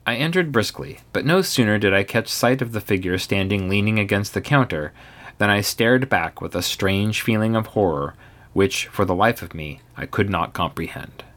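Deep-voiced guy reading an old victorian ghost story, slow and theatrical, first person. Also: expressive, a bit bright. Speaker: narrator.

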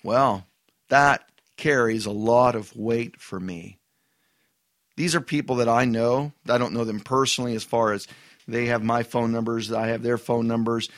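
Man, pastor, casual book review, halting repeats, emphatic asides, dry sound. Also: medium pitch, steady tone, dry recording.

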